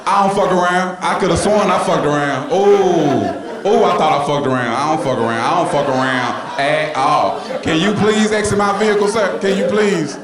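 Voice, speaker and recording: A male comedian telling animated stories on stage, yelling out punchlines, with a handheld mic. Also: fairly high pitch, moderate pace, crowd noise. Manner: loud, animated storytelling with yelling bits. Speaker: stand-up comedian. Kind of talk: stand-up comedy set. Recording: roomy club with loud audience laughter.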